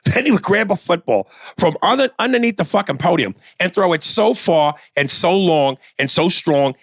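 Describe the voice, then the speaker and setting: Brief: man impersonating a brash Boston tough guy, profane and boastful, raised pitch, dry close sound. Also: lively intonation, moderate pace, dry recording. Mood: hyped ranting. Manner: profane, boastful rambling rant. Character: brash Boston tough-guy movie star impression, male.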